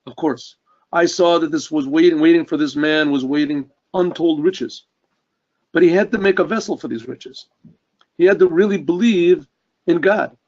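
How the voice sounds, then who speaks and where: Brief: wise old rabbi, calm and assured, read by a male storyteller; husky, lo-fi. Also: a little high, normal speed, natural voice. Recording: dull lo-fi recording.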